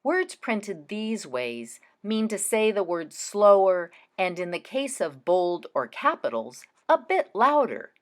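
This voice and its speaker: A woman teacher giving a recorded reading lesson to children, speaking in a deliberate, expressive way as she demonstrates how to read aloud. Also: mid-range voice.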